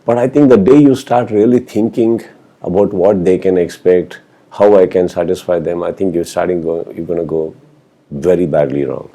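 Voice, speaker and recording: A man with a very deep, gravelly voice and a dark, mellow tone, answering an interviewer's questions. He tells stories from a film set and acts out the lines people said, dropping in Hindi phrases as he goes. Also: fairly even intonation, moderate pace. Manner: storytelling, acting out quoted exchanges, mixing in Hindi phrases. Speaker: actor being interviewed.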